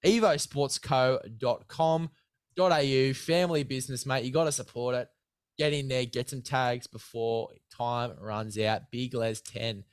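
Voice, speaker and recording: A chatty man hosts a casual sports preview and talks to his co-host like an old mate. His voice is smooth and resonant. It is recorded dry and close. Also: medium pitch, fairly even intonation, moderate pace, dry recording. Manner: chatty, matey, plugs a sponsor with mock hype.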